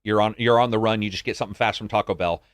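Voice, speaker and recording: A man's voice: very fast, dry recording. A man from the United States co-hosting a podcast, chatting casually and swearing freely. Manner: animated, swears freely, acts out greetings in a higher voice. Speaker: podcast co-host. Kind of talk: casual chat.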